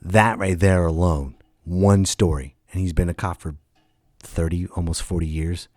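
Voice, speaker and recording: A man who is a stand-up comedian hosting his own podcast, telling road stories in a casual monologue and breaking into loud voices for the people in them. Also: low voice, moderate pace, dry recording, clean studio sound. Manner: animated, jumps into loud impressions of others.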